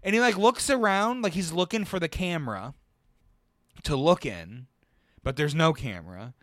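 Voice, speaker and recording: A man's voice: a little high, lively intonation, moderate pace, fairly bright tone, no room sound, clean studio sound. A man co-hosting a podcast, telling a work story in a loose, profane, rambling way, often cracking himself up. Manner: profane, rambling, laughs through stories. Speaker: podcast co-host. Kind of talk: casual storytelling chat.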